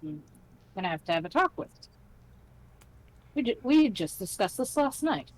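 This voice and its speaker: A woman's voice: medium pitch, big pitch swings, moderate pace, low-quality recording. Casual woman player at a tabletop game.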